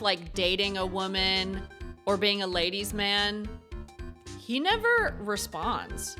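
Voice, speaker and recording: A woman's voice: mid-range voice, animated, slow pace, sharp tone. A young woman streamer chatting casually and giggling as she plays a video game. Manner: giggly, chatty, reacts aloud. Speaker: gaming streamer. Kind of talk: casual let's-play commentary. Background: game music.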